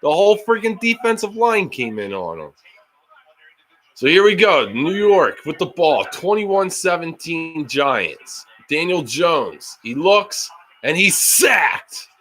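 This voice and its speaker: A man calls a live football game for his stream, swinging from steady play-by-play into exasperated, profane rants about the coaching. His voice is bright and forward, and he talks at an unhurried, drawn-out pace. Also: a little high, a little hiss or hum. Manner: frustrated, swearing fan rants. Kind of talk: live game reaction and commentary.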